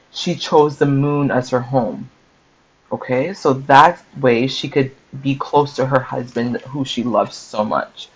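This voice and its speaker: A man reads a story from a book in an easy, conversational way, often pausing to explain and checking in with "okay?" and "right?". His voice sits at a middling pitch. The recording is a little dull and lo-fi. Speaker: book-sharing host. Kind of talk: reading aloud with casual commentary.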